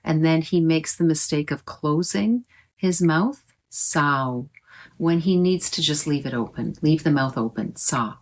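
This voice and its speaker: A woman teaching a pronunciation lesson online, explaining sounds clearly and slowly demonstrating words. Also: low-pitched, a little mellow.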